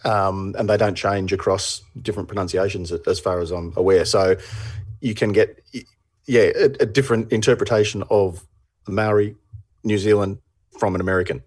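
A man's voice: lowish voice, steady tone, moderate pace, darkish tone, husky. A man hosting a beer news podcast, chatting casually and teasing his co-host, with frequent restarts and laughs. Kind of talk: casual podcast chat and read sponsor ad.

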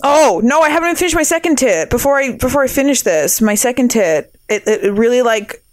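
A woman's voice: on the high side, expressive, fairly quick. A young adult Australian woman co-hosting a podcast, chatting casually, laughing often and swearing freely. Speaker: podcast co-host. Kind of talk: casual chat.

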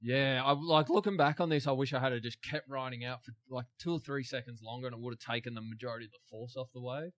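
Man, bright-toned, relaxed chuckling storyteller, studio guest. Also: mid-range voice, fast, few pauses. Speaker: big wave surfer guest. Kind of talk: casual studio interview.

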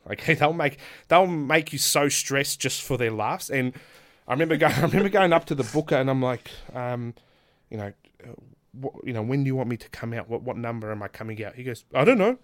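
A man's voice: mid-range voice, fairly quick. A man, a pro wrestler, telling stories on a casual podcast, laughing often and acting out quotes in different voices.

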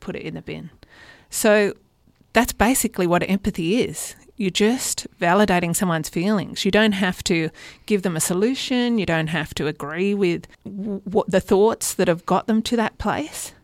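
A woman, a relationships therapist, guest on a radio show, explaining calmly with practical examples. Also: medium pitch, moderate pace, no room sound, studio quality. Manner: warm, explanatory, gives practical examples with acted-out quotes.

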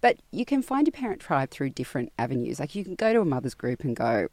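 A woman's voice: low voice, fast, hardly any pauses, no room sound. A woman hosting a casual parenting panel chat, talkative and asking her guests questions. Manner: chatty, animated, asks questions. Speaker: host.

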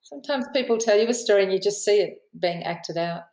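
A woman author and aviation writer with an Australian accent is a guest on a podcast, telling stories in a chatty way, laughing often and mimicking the people she quotes. Her medium-pitched voice is quick and a little mellow. The recording is low quality, in an echoey room.

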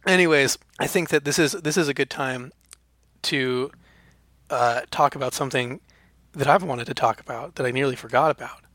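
A man's voice: medium pitch, normal speed, fairly bright tone, no room sound. A young man co-hosting a podcast, rambling through silly jokey bits in casual chat. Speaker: podcast co-host.

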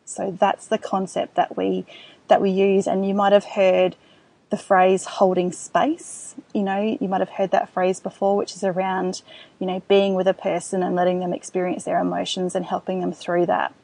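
A woman's voice: medium pitch, completely flat delivery, normal speed, gravelly, warm tone. A woman hosting a parenting podcast, explaining things in an earnest way and acting out the soothing words a parent might say.

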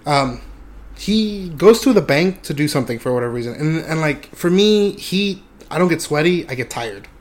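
A man's voice: fairly high pitch, expressive, moderate pace. Laughing young man telling a story. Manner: laughs often, loose and swearing. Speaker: podcast host. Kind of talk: casual storytelling chat.

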